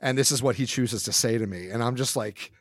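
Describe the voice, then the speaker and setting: Guy telling a story on a podcast, mid pitch, laughs a lot, swears when he gets worked up. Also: brisk, dry recording, clean studio sound. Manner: animated, laughs often, swears when riled. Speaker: podcast regular. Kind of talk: casual storytelling chat.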